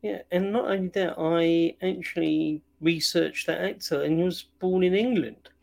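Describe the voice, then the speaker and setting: A man's voice: on the high side, steady tone, moderate pace, creaky, a little mellow. A man co-hosting a film review podcast, chatting in an easygoing, agreeable way. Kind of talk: casual chat.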